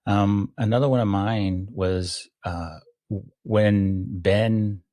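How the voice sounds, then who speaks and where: A man with a very low voice co-hosting a casual movie podcast. He retells scenes at an unhurried pace, pausing and restarting as he goes. The sound is dry and close to the mic. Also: fairly even intonation, mellow, no room sound. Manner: hesitant, many ums and restarts, slows when retelling scenes. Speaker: podcast co-host. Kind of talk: casual movie review chat.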